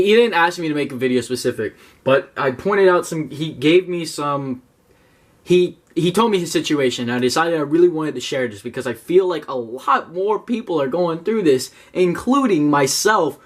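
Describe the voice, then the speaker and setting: Blunt, profane young man talking to camera. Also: medium pitch. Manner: blunt, profane, animated, talks straight to viewers. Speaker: self-help YouTuber. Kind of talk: casual talk to camera.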